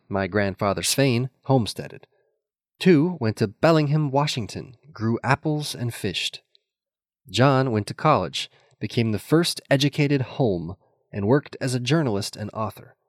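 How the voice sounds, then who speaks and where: Low, reflective older man reading. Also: no room sound, clean studio sound. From Minnesota, USA. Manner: measured, reflective, wry. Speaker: reader of a personal essay. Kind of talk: reading a memoir essay aloud.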